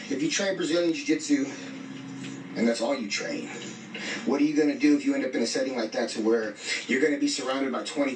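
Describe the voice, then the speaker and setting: A man telling a story in casual street slang, bluntly quoting himself and others as he goes. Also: medium pitch. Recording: echoey, distant, faint music.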